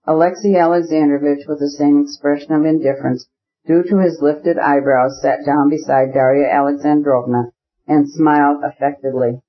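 Guy reading an old novel aloud, steady and even, slightly high voice, muffled lo-fi audio. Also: normal speed. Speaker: audiobook narrator. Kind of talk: audiobook narration of a classic novel. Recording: dull lo-fi recording.

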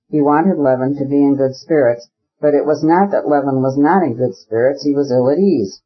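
A man narrating a classic novel as an audiobook, in a measured, even storytelling manner with a husky voice. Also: medium pitch, muffled recording.

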